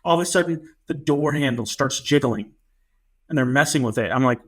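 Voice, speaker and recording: A young man tells a story on a casual podcast, animated and acting out the quotes himself. His voice sits a touch high for a man. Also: moderate pace. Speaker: podcast co-host. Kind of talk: casual chat.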